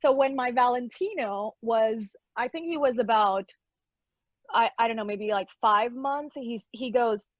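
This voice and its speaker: A woman's voice: fairly high pitch, a little slow, dry recording. A woman guest in a casual interview, talking in an effusive, upbeat way and laughing often. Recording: dull lo-fi dry sound.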